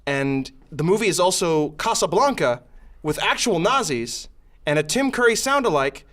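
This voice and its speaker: A young male student debater giving a sardonic, joking pitch against a film. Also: animated, moderate pace, fairly bright tone. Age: young adult. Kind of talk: comic argument.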